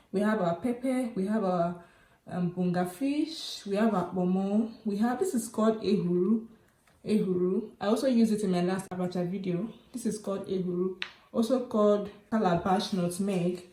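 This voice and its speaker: A woman's voice: medium pitch, warm tone, a little hiss or hum. Chatty Nigerian woman cooking on camera. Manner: chatty, names and shows each item. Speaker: cooking vlogger. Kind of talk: recipe demonstration. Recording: echoey room with faint music.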